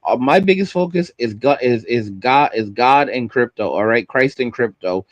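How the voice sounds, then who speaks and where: A man's voice: mid-range voice, lively intonation, normal speed, no echo, muffled recording. A man rants to his livestream audience in a mid-range voice, circling back over the same phrases and tripping on his words. The sound is dry and close, with no room around him. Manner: heated, repetitive, stumbling over words. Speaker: livestream host. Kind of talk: ranting livestream commentary.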